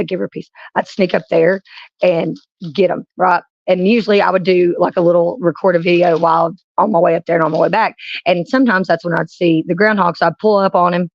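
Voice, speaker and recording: A woman's voice: fairly low pitch, gravelly, no echo, dull audio. A woman streamer telling rambling stories in casual chat, often breaking into laughs. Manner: rambling anecdotes with frequent laughs.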